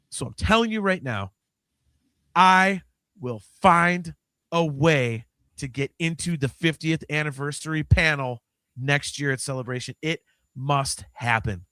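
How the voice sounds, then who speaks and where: A man of about fifty, hosting a podcast in casual chat, animated and swearing freely, swinging between mumbling asides and loud outbursts. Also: fairly high pitch, measured pace, clean tone, no echo, clean studio sound. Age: 50s. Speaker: podcast host.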